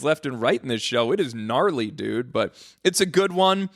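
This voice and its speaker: An American man hosting a casual solo podcast, swearing freely and jumping into high-pitched exclamations. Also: normal speed, hardly any pauses, a bit bright, no room sound, clean studio sound. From United States. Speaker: podcast host.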